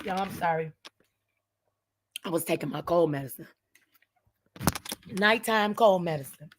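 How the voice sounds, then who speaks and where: A woman hosting her channel, ranting angrily at someone. She repeats herself, swears, and swings from low muttering to shouting. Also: animated, slow pace, pauses often. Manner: swears freely, addresses viewers directly. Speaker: channel host. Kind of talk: heated direct-to-camera rant.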